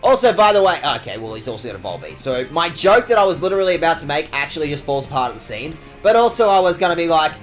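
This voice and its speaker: Animated, profane game streamer. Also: male voice, on the high side, fast, few pauses, faint music behind. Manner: profane, mock-outraged ranting. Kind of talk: casual game stream commentary.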